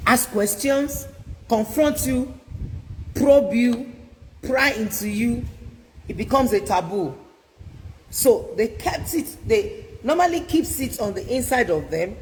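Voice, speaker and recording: A woman's voice: mid-range voice, a little mellow, in a large hall, slight background noise, rough recording. A woman giving an emphatic, preacherly talk on parenting as a family therapist, pressing her points with rhetorical questions. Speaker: family therapist and inspirational speaker.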